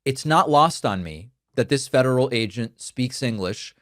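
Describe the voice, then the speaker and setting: Delivering a combative political monologue as host, a native Spanish-speaking man sounds expressive and moves at a moderate pace in an ordinary mid-range male pitch. The recording is close and dry, with no room sound.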